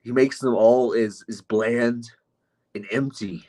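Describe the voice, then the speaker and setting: A man streaming live reads chat comments aloud and answers them with sardonic, mocking jabs and profane asides. His mid-range voice is steady, slow and dark in tone.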